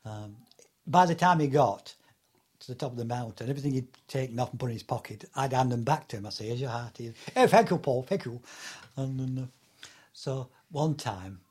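Older man, husky voice, rambling storyteller, laughs often, interview. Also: medium pitch, brisk, darkish tone. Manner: rambling, many fillers, laughing anecdotes. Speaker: interviewee recalling Antarctic fieldwork. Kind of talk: oral history interview.

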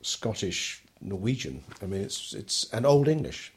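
A man's voice: lowish voice, big pitch swings, a little slow, husky. An older man telling his story in an interview, talking hesitantly with many ums and restarts. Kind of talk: relaxed oral history interview.

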